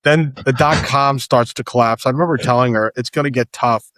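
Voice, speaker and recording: A man's voice: medium pitch, fairly even intonation, brisk, fairly bright tone, no echo. Rambling man in his fifties, dry sound. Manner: rambling storyteller, many restarts and repeated words. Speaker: startup founder guest. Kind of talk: casual podcast conversation.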